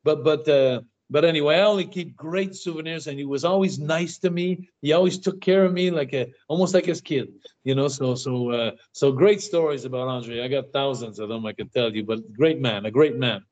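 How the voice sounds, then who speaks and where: A fairly high-voiced older man spins stories in a loose, conversational way. He trips over his words and repeats himself as he goes. The sound is dull and lo-fi. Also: fairly quick. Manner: stammers and repeats words, animated anecdotes. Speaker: guest. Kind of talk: casual interview storytelling.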